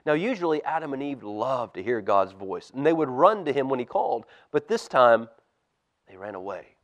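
A man, a pastor, reading a storybook aloud to children in church with expressive, animated storytelling. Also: medium pitch, moderate pace. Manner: expressive storytelling, lively swings in loudness.

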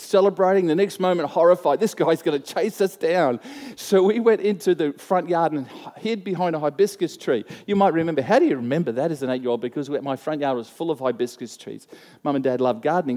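In a church hall with long reverb, a pastor preaches a sermon, conversationally telling a personal story and acting out the voices of the people in it. His voice is a little high with a warm tone.

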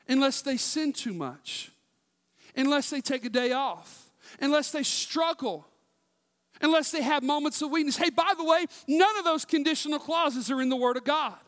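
A man preaching a sermon to his church, impassioned, swinging between loud shouts and hushed whispers. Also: very high-pitched, normal speed, in a large hall. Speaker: pastor.

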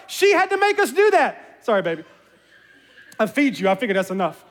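A man, a pastor, giving a sermon as an animated, self-mocking storyteller. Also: extremely high pitch, a little fast. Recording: long reverb of a large hall.

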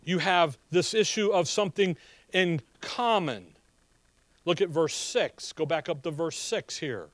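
High-voiced man preaching a conversational sermon. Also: lively intonation, measured pace, no echo. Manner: conversational preaching full of rhetorical questions; tells personal stories with chuckles. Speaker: pastor.

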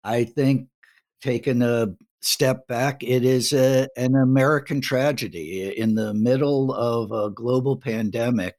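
A man speaking in a measured, deliberate way as a guest in a political discussion. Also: medium pitch, fairly bright tone. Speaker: panel guest.

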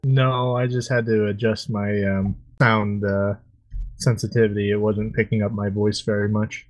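A man co-hosting a casual podcast, easygoing and quick with a joke. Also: on the low side, flat delivery. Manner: easygoing, joking. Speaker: podcast co-host. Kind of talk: casual chat.

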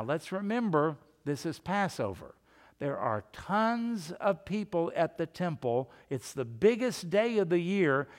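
A man preaching a sermon as pastor, in a folksy, animated storytelling way. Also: on the high side, in a large hall.

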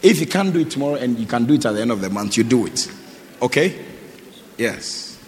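A pastor with an expressive, brisk, slightly mellow mid-range voice preaches in church, calling people forward for offerings. He repeats short commands and fires questions at the congregation, and the hall echoes with faint noise.

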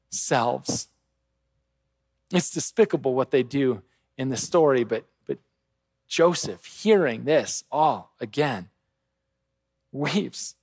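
High-voiced preacher, swinging loud and soft. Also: male voice, dry recording. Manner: swings between quiet intensity and raised urgency. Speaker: pastor. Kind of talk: sermon.

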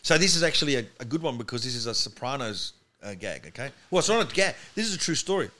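A comedian telling animated stories as a podcast guest in a studio. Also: male voice, medium pitch, fast. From Australia. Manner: animated anecdote teller. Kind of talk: storytelling in podcast chat.

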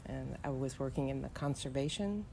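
Low-voiced older woman, measured. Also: vocal fry, a little mellow, slight background noise, rough recording. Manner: measured and thoughtful, with frequent filler pauses. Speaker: interview guest, energy executive. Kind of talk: reminiscing interview answers. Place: living room of her home.

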